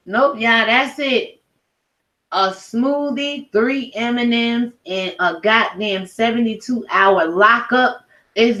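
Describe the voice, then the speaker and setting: A woman's voice: a little high, takes it slowly, a bit bright, lo-fi sound. A woman giving a heated, profane rant as a YouTube commentator, speaking emphatically. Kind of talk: angry rant to camera.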